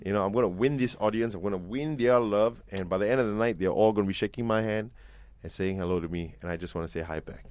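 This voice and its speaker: A man's voice: on the low side, quick pace, hardly any pauses, dry recording. A man, a guest musician, telling stories animatedly in a radio interview in a studio. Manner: animated storyteller.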